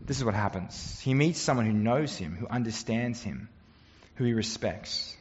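A man's voice: mid-range voice, expressive, normal speed, long reverb tail, highs cut off, a little hiss or hum. A man preaching a sermon as a pastor, conversational and earnest, often asking the congregation rhetorical questions.

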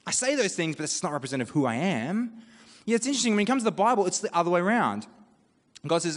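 A man with an Australian accent preaches a sermon in a conversational, animated way. He breaks off into quoted asides. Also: high-pitched, quick pace. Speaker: pastor. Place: church. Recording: long church reverb.

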